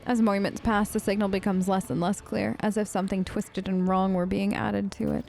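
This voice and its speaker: A woman's voice: medium pitch, flat delivery, moderate pace, creaky, a little mellow, faint music behind. A woman hosting a let's play, chatting casually and reading game text aloud with restarts and asides.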